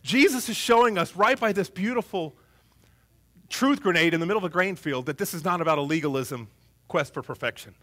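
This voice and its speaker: A pastor preaching in a church, joking and chatting with his congregation. His slightly high voice swings between punchy bursts and quiet asides. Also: brisk. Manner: humorous, animated, conversational preaching. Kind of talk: sermon.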